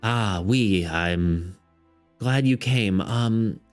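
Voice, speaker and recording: A man's voice: lowish voice, drawn-out words, faint music behind. A man voicing a weary female dryad clerk who is fed up with paperwork, talking in a sighing, put-upon way.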